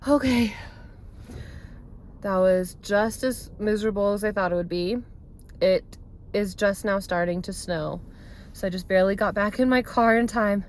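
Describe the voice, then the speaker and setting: A woman's voice: mid-range voice, normal speed, pauses often, a little hiss or hum. A woman in her thirties chatting casually to a phone camera from her parked car, rambling and self-deprecating with lots of fillers. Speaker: vlogger. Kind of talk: casual vlog chat. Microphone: phone held close.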